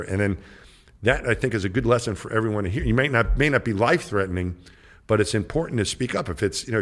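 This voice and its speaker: Middle aged guy w a really deep voice, rambly storyteller doing everyone's lines. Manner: rambling anecdotal storyteller, acts out dialogue. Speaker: guest, former astronaut. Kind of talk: casual storytelling interview.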